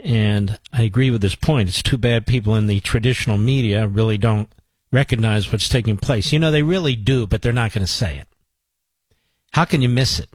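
A man's voice: lowish voice, a little fast, husky. A male talk radio host delivers commentary into a studio microphone, emphatic and building his points through repetition. The sound is dry and close, with no room echo.

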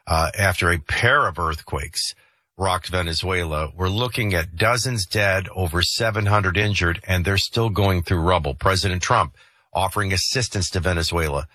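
Low-pitched and forceful, this man's bright voice moves at a moderate pace with no echo. He's the host of a morning talk radio show, casually covering sports and the news, chatty and prone to frequent restarts. He speaks into a studio microphone in a radio studio.

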